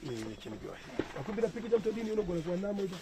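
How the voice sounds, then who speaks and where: A man's voice: high voice, very animated, rapid-fire, noisy background. A man guiding visitors around an elephant sanctuary outdoors, praising their photos and explaining the animals in an encouraging way. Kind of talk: live guided tour commentary. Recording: outdoor crowd chatter in background. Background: visitors chatting nearby.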